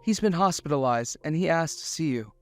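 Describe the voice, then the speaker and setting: A man voicing a cool, precise woman government agent who speaks flatly. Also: a little high, brisk, dry recording, soft background music, close to an everyday voice. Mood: businesslike. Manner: flat and precise.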